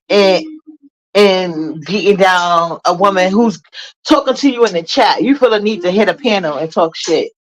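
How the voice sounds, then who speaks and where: A woman's voice: medium pitch, poor audio. A woman hosting a livestream, talking bluntly and with sass straight to her chat. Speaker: livestream host.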